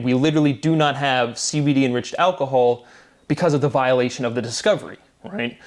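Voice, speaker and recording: Vlogger, male, mid-pitched voice; long agitated rambling monologue, repetitive, profane. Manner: swears often. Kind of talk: solo monologue to camera.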